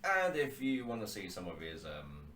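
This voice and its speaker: A man's voice: sits low, wildly swooping pitch, normal speed, fairly bright tone, a little hiss or hum. A man co-hosting a podcast in casual chat, jokey and rambling, poking fun at himself. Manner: jokey, rambling, self-mocking. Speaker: podcast co-host. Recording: roomy echo.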